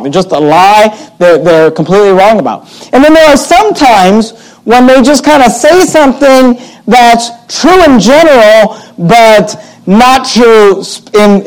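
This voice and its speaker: Guy with a high voice teaching a bible passage, emphatic, keeps repeating himself. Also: rough recording. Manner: emphatic, repeats phrases, reads scripture aloud. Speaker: preacher.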